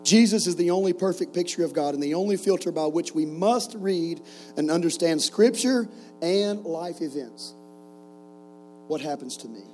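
A man's voice: a little high, moderate pace, darkish tone, soft background music, low-quality recording. A man in his forties preaching to a camp group, telling stories with jokes and rhetorical questions. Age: 40s. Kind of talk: sermon with stories.

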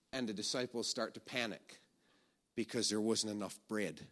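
A man preaching a sermon, telling a story with animated energy, shouting the quoted commands and dropping low for asides. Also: normal speed.

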